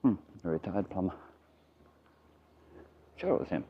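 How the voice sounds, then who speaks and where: A man's voice: low voice, big pitch swings, a little slow, slightly rough. An Australian man chatting in a rambling way while he narrates a walking vlog outdoors by a waterfront, recorded on a handheld camera. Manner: rambling, chatty, muttering asides. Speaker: vlogger. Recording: dull lo-fi camera audio with faint outdoor noise.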